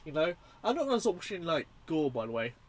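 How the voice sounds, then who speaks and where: A young man reviewing a horror film in a casual, rambling, profane and excitable way. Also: a little high, quick pace.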